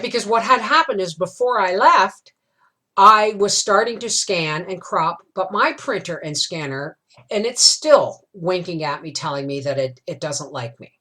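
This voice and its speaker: A woman's voice: on the low side, a bit bright. A middle-aged woman vlogging, telling a long, emotional personal story in a rambling, confiding way, often tagging lines with "right?". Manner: tag questions like "right?". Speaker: homestead vlogger. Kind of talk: casual storytelling chat.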